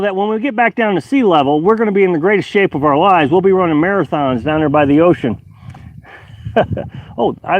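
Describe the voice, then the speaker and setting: A man's voice: high-pitched, highs cut off. A man hosting a casual outdoor live stream, reading chat aloud and rambling with many fillers and restarts. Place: outdoors at a high-altitude campsite.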